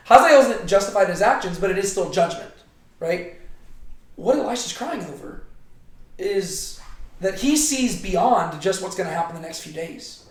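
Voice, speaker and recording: High-voiced man teaching in an echoey room. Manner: thinks aloud, constantly checking in with "right?". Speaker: Bible teacher. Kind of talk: casual Bible study teaching.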